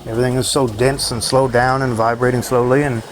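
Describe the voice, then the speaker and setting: A man's voice: mid-range voice, little pitch movement, brisk, slight background noise, low-quality recording. A man ranting in a rambling, profane monologue to his own channel, drifting from thought to thought. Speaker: vlogger.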